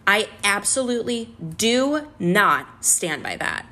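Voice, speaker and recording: A woman's voice: medium pitch, very animated, slow pace, pushed and bright. Female podcast host, business coach, fired-up and exasperated, blunt and profane. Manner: heated, exasperated ranting with swearing. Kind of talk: candid business podcast monologue.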